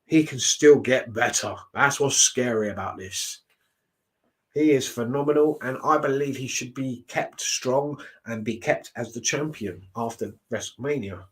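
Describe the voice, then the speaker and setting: A man's voice: medium pitch, unhurried, a bit bright. Blunt ranting man. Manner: blunt, ranting, swears freely. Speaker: wrestling commentator reacting. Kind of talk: casual reaction commentary.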